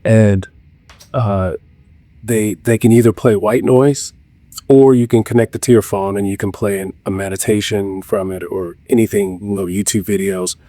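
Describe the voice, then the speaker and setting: A man's voice: on the low side, fairly even intonation, normal speed, warm tone, no room sound. A man interviewed on a podcast as an entrepreneur guest, talking earnestly in personal anecdotes and laughing at himself. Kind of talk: casual interview chat.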